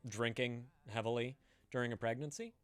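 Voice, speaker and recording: A man's voice: medium pitch, normal speed, fairly bright tone, clean tone, no room sound, faint music behind. A man chatting casually on a live stream, rambling, laughing and swearing as he answers viewers.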